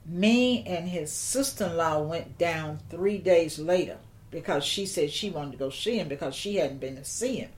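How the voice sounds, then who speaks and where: An older woman, telling a personal story in an interview, slow and reflective with halting restarts. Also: low-pitched, animated.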